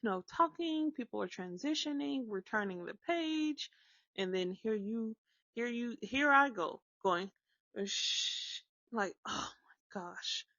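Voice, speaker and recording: A woman telling a casual story about her kids, animated, dropping into hushed whispers now and then. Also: on the high side, measured pace, dry recording. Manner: animated, drops to hushed whispers when acting out shushing. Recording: slightly dull lo-fi sound.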